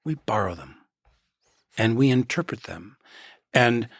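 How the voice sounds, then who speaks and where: A man, an actor and guest in an interview, speaking in a measured, reflective way and telling stories, often restarting his phrases. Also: mid-range voice, lively intonation, dry recording, studio quality.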